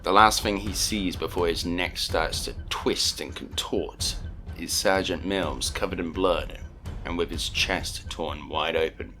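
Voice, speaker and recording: Deep-voiced man narrating an audiobook. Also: steady tone, a little slow, sharp tone. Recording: narration over music.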